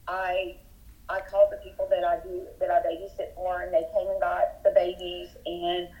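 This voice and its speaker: A woman from Texas speaks as a guest over a muffled phone line. She tells her story in earnest and thorough detail. Her voice sits a little low. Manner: earnest, detailed retelling with rising urgency. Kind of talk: telling a personal story by phone. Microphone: telephone.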